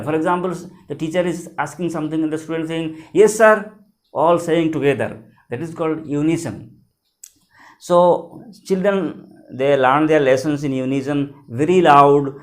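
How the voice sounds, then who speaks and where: A man, teaching a lesson and explaining words slowly and repetitively, spelling some out letter by letter. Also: a little high. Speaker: English teacher.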